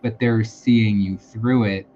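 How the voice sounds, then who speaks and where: A man's voice: lowish voice, fairly even intonation, takes it slowly, mellow. A man hosting a live-streamed tarot and psychic reading, talking casually and reassuringly with lots of fillers and repeated phrases. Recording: dull lo-fi sound with faint background noise.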